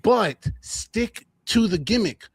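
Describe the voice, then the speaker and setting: A man co-hosting a combat sports podcast, talking in a casual, animated and opinionated way, often repeating his phrases. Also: high-pitched, slow pace, slightly rough, dry recording, studio quality. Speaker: podcast co-host.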